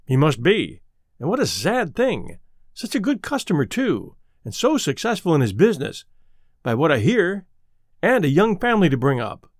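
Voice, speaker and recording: A man's voice: fairly high pitch, huge pitch swings, normal speed, dry recording, clean studio sound, full character voice. A man reading aloud, voicing a frightened, stout male innkeeper who wails and quivers. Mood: fearful. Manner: quivering, wailing.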